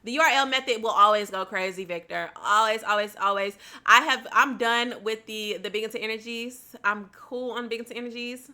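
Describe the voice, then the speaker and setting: A woman's voice: on the high side, brisk, hardly any pauses, pushed and bright. A young woman, chatting casually on a home livestream, laughing often and addressing viewers by name.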